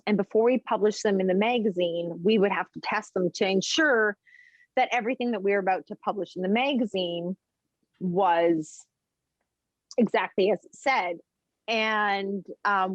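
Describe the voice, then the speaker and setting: A woman's voice: medium pitch, no room sound. Woman, casual podcast chat, rambling anecdotes, lots of fillers, dead-dry room, muffled lo-fi sound. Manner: rambling storytelling with fillers and laughter. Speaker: podcast guest, chef and food journalist.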